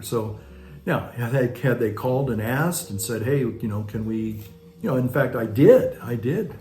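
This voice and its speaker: A man's voice: mid-range voice, lively intonation, normal speed, dark tone. A man, a parish priest, telling stories in a casual, rambling way with many restarts and asides. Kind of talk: casual reflective monologue. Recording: roomy echo with faint music.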